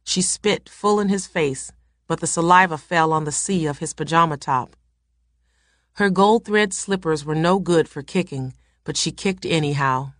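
Low-voiced woman reading a novel aloud. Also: normal speed, no echo, studio quality. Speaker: reader.

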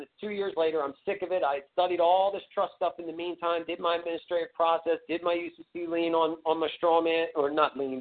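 Blunt, profane man on a tinny phone line. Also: medium pitch. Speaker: speaker on a community call. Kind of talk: casual storytelling. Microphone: phone or call line.

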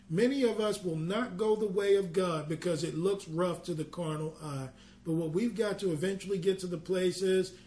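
A man ministering a sermon, reading scripture slowly and then explaining it in an earnest, conversational way with personal asides. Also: sits high, darkish tone. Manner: reads scripture slowly in King James wording.

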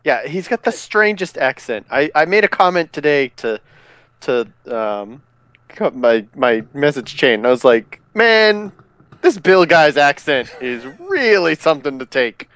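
A man's voice: on the high side, big pitch swings, a little slow, a bit bright, smooth, dry recording. A man co-hosting a podcast, chatting casually with blunt, crude jokes. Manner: jokey, blunt, crude humor. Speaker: podcast co-host. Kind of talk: casual chat.

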